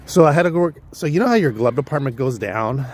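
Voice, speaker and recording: A man's voice: mid-range voice, animated, quick pace, a little mellow, a little hiss or hum. A man with a Californian accent, talking through a casual, rambling, profane story on his livestream vlog. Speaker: livestream vlogger.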